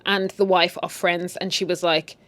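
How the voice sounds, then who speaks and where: A young woman retelling a drama series in casual, opinionated chat, with quick reactions and slang. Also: lowish voice, flat delivery, fairly bright tone. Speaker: channel host retelling a series. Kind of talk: casual story retelling with commentary.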